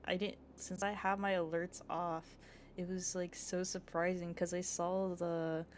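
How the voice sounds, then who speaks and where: Slow, soft-spoken giggly woman. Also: on the low side, level tone, slight background noise. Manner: soft, giggly, chatty with fillers. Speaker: streamer. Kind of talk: soft-spoken ASMR reading and chat. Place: her bedroom. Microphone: ASMR microphone.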